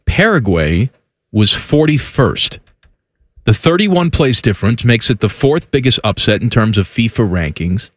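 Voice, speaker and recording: A man co-hosting a podcast, chatting casually in a teasing, deadpan way. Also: mid-range voice, a little slow, dry recording. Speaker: podcast co-host. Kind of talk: casual chat.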